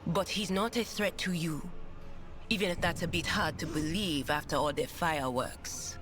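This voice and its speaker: A woman voicing an uneasy female psyker who hears voices and speaks in a hesitant, measured way. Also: low-pitched, fairly bright tone. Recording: voice over game music.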